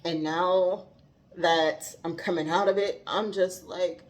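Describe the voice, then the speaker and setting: A woman's voice: on the low side, steady tone, takes it slowly. A woman talking earnestly about faith and growth, heartfelt and given to laughing. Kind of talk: reflective faith talk.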